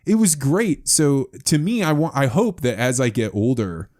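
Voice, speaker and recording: A man's voice: mid-range voice, lively intonation, normal speed, a little mellow. A man hosting a podcast interview, talking in eager bursts with frequent restarts. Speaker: podcast host. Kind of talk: casual interview chat.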